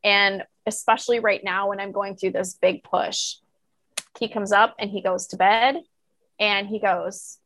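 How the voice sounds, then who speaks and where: A woman's voice: mid-range voice, fairly even intonation, a little slow, a bit bright, no room sound. A woman author talking as a podcast guest in casual chat, earnest and encouraging in manner.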